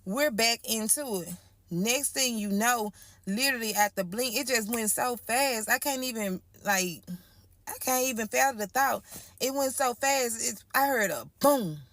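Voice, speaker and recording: A woman's voice: fairly high pitch, measured pace, a bit bright, no room sound. A woman giving an emotional first-person account of a frightening night. She talks colloquially, repeats her phrases and speaks to listeners as y'all. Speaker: storyteller giving a testimony.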